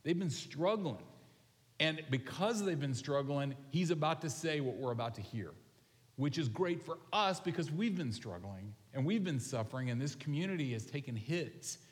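A man preaching a sermon to his congregation in a relaxed, animated way, often asking the people questions. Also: on the high side, normal speed. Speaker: pastor. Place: large church sanctuary. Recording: long reverb of a large hall.

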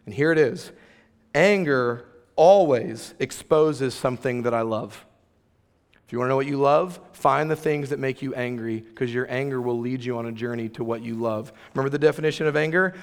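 A man's voice: medium pitch, moderate pace. A man preaching a sermon as pastor, conversational and emphatic, with playful asides to the room. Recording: long reverb of a large hall.

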